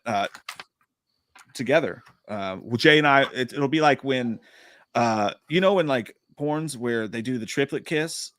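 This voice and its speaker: Male streamer host, mid pitch, crude jokey rambling, dry close sound. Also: fairly bright tone, dry recording. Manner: reads viewer chat aloud. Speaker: podcast host. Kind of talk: casual live-stream chat.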